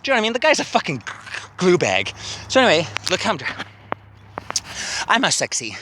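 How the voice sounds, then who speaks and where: A man's voice: sits high, wildly swooping pitch, a little fast, background noise. A man walking outdoors and vlogging into a handheld phone, rambling, emotional and swearing a lot. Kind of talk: rambling walk-and-talk vlog. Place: outdoors walking past a city cemetery.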